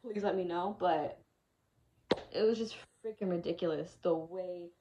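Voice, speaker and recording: A woman's voice: lowish voice, measured pace, noisy background. Young woman venting through a frank storytime. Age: young adult. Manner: candid, emotional retelling with frequent swearing; frustrated, exasperated tone. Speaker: vlogger. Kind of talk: personal storytime vlog.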